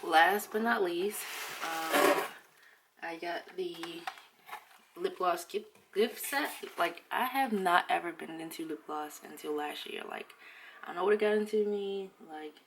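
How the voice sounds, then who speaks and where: A woman's voice: fairly low pitch, a little slow, fairly bright tone, slight background noise. A young woman vlogger chatting casually about a beauty haul, slightly out of breath, full of "like" and "um". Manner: chatty, fillers, lots of "like".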